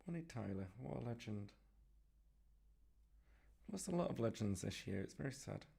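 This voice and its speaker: Male livestream art host, gravelly voice, rambling and self-mocking, casual painting chatter. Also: medium pitch, expressive, normal speed, dark tone. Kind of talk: casual live commentary while painting.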